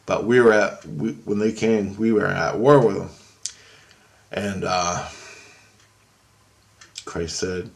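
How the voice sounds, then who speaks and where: A man with a low, gravelly voice tells a story off the cuff. He rambles, swears freely and keeps backing up to fix his own words. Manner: rambling, profane, self-correcting. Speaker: vlogger recounting a dream. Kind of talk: casual spoken storytelling monologue.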